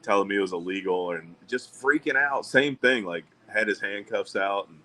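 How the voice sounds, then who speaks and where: A middle-aged man with a slightly low voice spins casual, profane stories. He is wry and acts out each person in the tale in quick bursts. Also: animated, pushed and bright, low-quality recording. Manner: profane, wry anecdotes with acted-out quotes. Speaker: podcast co-host. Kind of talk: casual storytelling chat.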